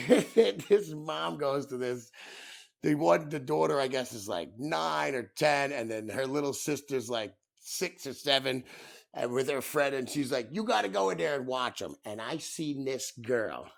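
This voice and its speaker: A man in his thirties hosting a podcast, telling stories in a profane, animated comedic rant. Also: mid-range voice, creaky. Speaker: podcast host.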